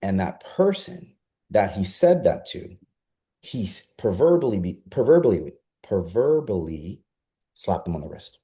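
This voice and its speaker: A man coaching a group live on a video call, energetic and persuasive, often asking his audience rhetorical questions. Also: lowish voice, moderate pace. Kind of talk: live online coaching session.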